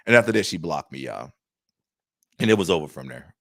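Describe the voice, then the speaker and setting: A man's voice: extremely low pitch, expressive, fairly quick, gravelly, no room sound, clean studio sound. A man giving casual, blunt commentary straight to his viewers while recounting messages. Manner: blunt, conversational, addresses viewers directly. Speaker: online track and field commentator.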